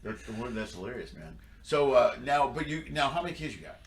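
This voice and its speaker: A man hosting a casual comedy podcast, jumping in with quick reactions and jokes. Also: mid-range voice, expressive, gravelly. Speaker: podcast host. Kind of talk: casual chat.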